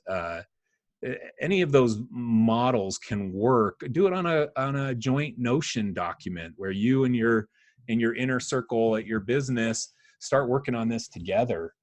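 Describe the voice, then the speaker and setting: A man's voice: mid-range voice, lively intonation, normal speed. A man from the United States co-hosting a casual business podcast, giving practical, encouraging advice and often chiming in with "yeah". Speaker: podcast host.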